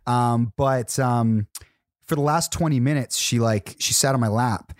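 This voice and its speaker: A man's voice: mid-range voice, unhurried, no echo, studio quality. A man hosting a podcast, casually telling a rambling story full of "like" and restarts. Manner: rambling storyteller, heavy use of "like". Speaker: podcast host. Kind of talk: casual chat.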